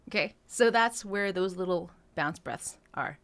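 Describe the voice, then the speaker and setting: A woman's voice: lowish voice, a little slow, hardly any pauses, a bit bright. A woman vocal coach talking through a singing lesson, explaining phrasing step by step in a conversational way with some fillers. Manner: explains phrasing step by step, breaking into sung demonstrations; conversational with frequent fillers and restarts.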